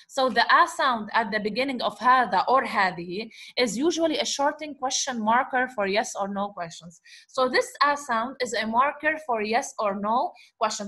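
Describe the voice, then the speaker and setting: A woman teaching a grammar lesson, explaining slowly, repeating examples and asking the class rhetorical questions. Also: a little high, pushed and bright. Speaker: Arabic teacher.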